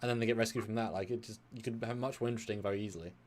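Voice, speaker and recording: A man's voice: on the low side, rapid-fire, slight background noise. A man co-hosting a casual live film discussion, arguing his view with jokes along the way. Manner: animated, jokey, argues his point. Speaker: co-host.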